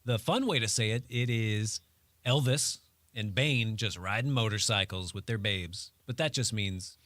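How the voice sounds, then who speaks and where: A man's voice: fairly low pitch, measured pace, a bit bright, no echo. A young man, a radio show producer, reviewing a movie in a casual, joking, wry way. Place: radio studio.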